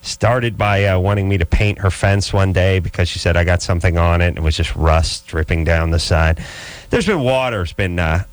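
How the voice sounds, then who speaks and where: A man hosting a radio call-in show, telling stories in a rambling, animated way. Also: low-pitched, normal speed, no echo. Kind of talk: casual talk radio banter.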